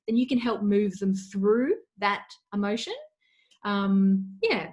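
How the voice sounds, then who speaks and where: A woman's voice: mid-range voice, takes it slowly, darkish tone. A woman coach and consultant explaining practical steps as a guest on a remote video call, full of "you know" fillers. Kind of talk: remote webinar advice talk.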